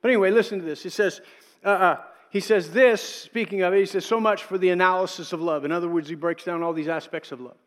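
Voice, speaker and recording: A man's voice: high-pitched, steady tone, fast, big-room sound. A middle-aged male pastor preaching a sermon in a conversational way, acting out quotes and adding asides.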